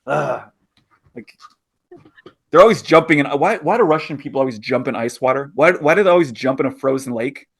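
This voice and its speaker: A man's voice: medium pitch, animated, fast talker, few pauses, husky. A man co-hosting a podcast in casual chat, playful and teasing. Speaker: podcast co-host.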